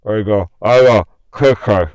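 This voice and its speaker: A man's voice: fairly low pitch, moderate pace, a little mellow. A young man hosting a casual live-stream podcast, laughing often and interrupting himself as he reacts to viewers. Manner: giggly, scattered, self-interrupting.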